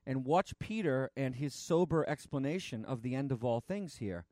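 A man preaching a sermon in an earnest, halting way, with frequent fillers and restarts. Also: medium pitch, darkish tone, no room sound, clean studio sound.

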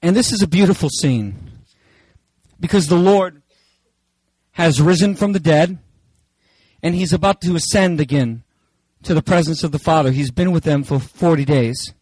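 A male pastor delivers a sermon with fervor. His voice sits a little high and leaps into shouted exclamations, then drops to quiet, intimate asides. The recording is dry and close. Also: moderate pace, slightly rough, no echo, low-quality recording. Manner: impassioned preaching with sudden shouts and hushed asides.

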